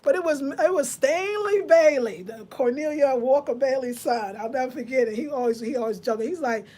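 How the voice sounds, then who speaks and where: A woman in her fifties with a way of speaking, hosting a casual live chat. Her voice sits a little high. She talks to her viewers and answers their comments. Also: brisk, few pauses, warm tone. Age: 50s. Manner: chatty, reads out viewer comments. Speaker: livestream host.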